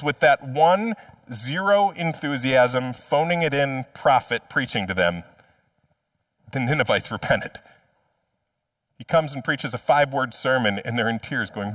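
A male pastor delivers a sermon in a relaxed, humorous storytelling way, with a slightly higher voice. He sounds set back from the mic, and the recording is dry with no room ring. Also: no room sound, distant mic.

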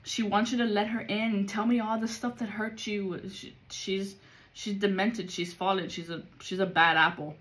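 A woman talks through a spiritual reading in a loose, chatty way. She is blunt and swears freely, and she mixes street slang into her warnings. Her voice sits at an ordinary middle pitch. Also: flat delivery, normal speed, fairly bright tone. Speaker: psychic reader. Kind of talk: casual spiritual reading monologue.

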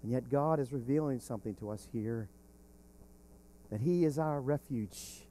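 A man preaching a sermon as pastor, slow and emphatic, swelling on key words. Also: medium pitch, warm tone.

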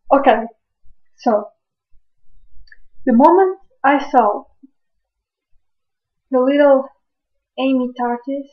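A woman's voice: high-pitched, slow pace, long pauses, dull audio. A woman reacting to a TV episode on her webcam at home at night, gushing and exclaiming over and over. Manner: gushing, keeps exclaiming and repeating herself. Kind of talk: excited reaction vlog.

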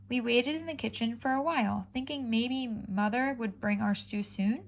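A woman reading a children's chapter book aloud in an animated, expressive way. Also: fairly high pitch, moderate pace, few pauses. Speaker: storybook reader.

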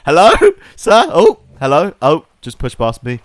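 A man giving jokey, casual gameplay commentary, yelling and joking at game animals. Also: medium pitch, big pitch swings, moderate pace, dry recording. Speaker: gaming YouTuber.

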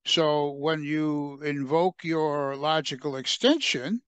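A man presenting a software demo in a webcast, talking through his screen with frequent fillers and restarts. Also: fairly high pitch, smooth, no echo. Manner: halting, many fillers and restarts.

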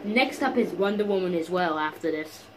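A gamer giving casual, excitable commentary while playing a fighting game, often yelling and swearing at it. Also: medium pitch, moderate pace. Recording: background noise.

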